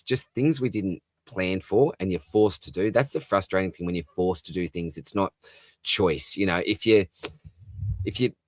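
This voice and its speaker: A man's voice: fairly low pitch, no echo, studio quality. An Australian man hosting a live stream, chatting casually and upbeat as he reads out viewers' comments, laughing easily. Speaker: livestream host.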